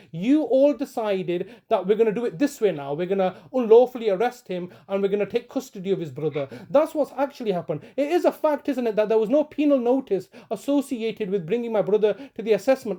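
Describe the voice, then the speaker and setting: A man with a mellow, warm voice pressing his case with insistent repetition. He stumbles and restarts often but keeps pushing, and sits a little higher in pitch than most men. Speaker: campaigner confronting a solicitor on a call. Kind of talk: heated phone argument, then commentary to camera.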